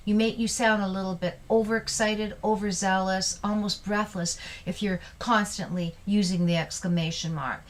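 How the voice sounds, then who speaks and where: A woman teaching English punctuation in an online lesson, explaining clearly and reading example sentences aloud with emphasis. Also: medium pitch, fairly even intonation, moderate pace, few pauses.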